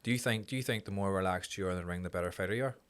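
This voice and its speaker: A man talking as a podcast guest, with a very low, deep voice. He talks quickly and repeats himself as he works through his thoughts. The tone is relaxed conversation. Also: smooth. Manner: chatty, repeats words as he thinks aloud. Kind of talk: casual podcast chat.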